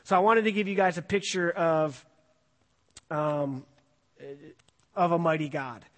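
A male pastor with a fairly high voice gives a relaxed, conversational sermon, full of fillers and restarts. The sound rings with a long hall reverb, as in a church sanctuary. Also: measured pace. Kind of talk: casual sermon with scripture reading.

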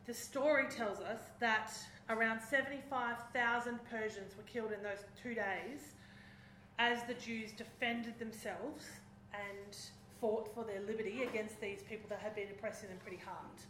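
A woman preaching, retelling a story in a lively way and acting out its voices. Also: a little high, moderate pace, a little hiss or hum. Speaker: speaker. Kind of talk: sermon storytelling. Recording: echoey hall.

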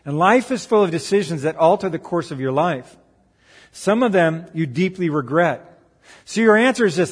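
Male pastor, slightly higher voice, emphatic sermon delivery, recorded in a big reverberant hall. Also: animated, normal speed, breathy edge. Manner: preaching with rising emphatic peaks and quiet asides.

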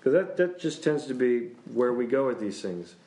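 A pastor leading a Bible class in a relaxed, chatty way, joking and chuckling as he talks straight to his listeners. His voice sits in a middling register. The room around him is roomy and echoey. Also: mid-range voice, normal speed. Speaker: pastor teaching a church class. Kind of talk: casual Bible class teaching. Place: church classroom.

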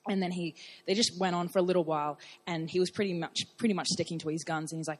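A woman's voice: sits low, fairly even intonation, quick pace. Chatty young woman telling a testimony. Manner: chatty, many fillers and restarts, acts out dialogue. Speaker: church member giving testimony. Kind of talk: casual storytelling testimony. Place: church service.

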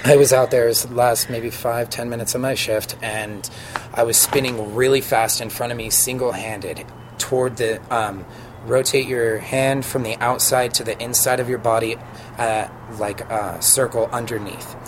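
A man's voice: mid-range voice, moderate pace, noisy background. A man who spins signs, telling a story from his job in a casual interview, acting out the voices of the people in it. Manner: animated, acts out quoted voices, laughs while telling. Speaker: sign spinner guest.

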